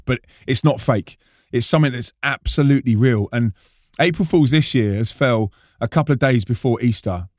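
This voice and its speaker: A man, a preacher and band frontman, telling a story in an animated, self-mocking way, often restarting and repeating his words. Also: mid-range voice, dry recording, clean studio sound. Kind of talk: storytelling monologue.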